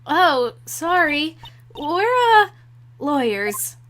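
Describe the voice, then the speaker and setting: A woman's voice: high voice, very animated, extremely slow, fairly bright tone, pitched above the performer's own voice, heavily acted. A woman voicing a young male defense lawyer with dry, sarcastic asides, over game music. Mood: wry.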